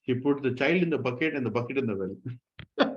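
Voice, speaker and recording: A man teaching a devotional scripture class, telling the stories in an animated way and laughing often. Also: medium pitch, a little fast. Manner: animated storytelling with frequent laughter. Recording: dull lo-fi recording.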